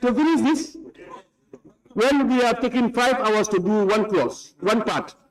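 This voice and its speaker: Presiding over a heated parliamentary debate, a stern man with a Gambian English accent scolds members and repeats himself into a desk microphone. His voice is high for a man and his pace is measured, though the audio is poor.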